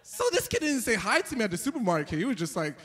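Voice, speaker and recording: A young stand-up comic tells stories in a fast, animated set, jumping into high, squeaky voices for his characters.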